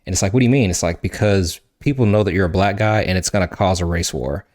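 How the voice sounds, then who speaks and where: A podcast host casually retells a comic book story in an animated way, his voice sitting low and his pace quick. He swears and acts out the characters' lines.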